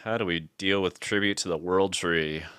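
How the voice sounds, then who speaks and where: A man's voice: low-pitched, fairly even intonation, normal speed, a bit bright, clean tone, no echo, studio quality. A man streaming a card game match, chatting casually, thinking aloud and laughing often. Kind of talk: casual gaming chat.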